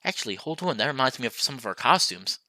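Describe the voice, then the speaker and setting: A man's voice: mid-range voice, sing-song, fast, pushed and bright, no room sound. A young man streaming a visual novel, reading it aloud and chatting to viewers in a playful, apologetic way.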